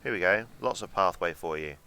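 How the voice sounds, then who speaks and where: Young guy streaming a game, lowish voice but bright and crisp, joking around with chat. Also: animated, a little fast, dry recording. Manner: chatty, jokey, reads out chat and swears. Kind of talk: casual gameplay commentary.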